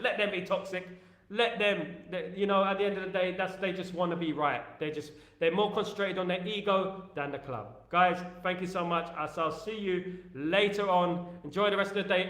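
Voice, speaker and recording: A London-accented man hosting a casual football live stream, reading viewer comments aloud, upbeat and repeating his phrases as he shouts out fans. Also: a little high, a little fast, echoey room. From England. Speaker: livestream host.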